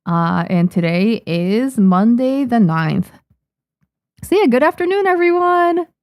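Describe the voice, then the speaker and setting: A woman's voice: a little high, sing-song, slow, a little mellow, no room sound, clean studio sound. A young adult woman, a manga artist, chatting casually on a livestream at her desk microphone, thanking viewers with frequent ums. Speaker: manga artist streaming to chat.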